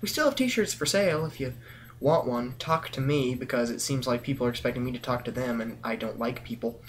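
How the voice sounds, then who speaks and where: A teenage guy hosting a casual vlog from his bedroom, rambling and joking at his own expense, with long drawn-out pauses. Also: mid-range voice, background noise. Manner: rambling, jokey, self-deprecating, with drawn-out pauses. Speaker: vlog host.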